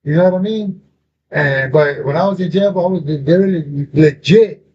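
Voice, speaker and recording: A man's voice: a little high, moderate pace, slightly rough. A man telling a personal story in casual talk, profane and full of street slang, calling his listener bro. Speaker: podcast host. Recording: dull lo-fi audio with faint noise.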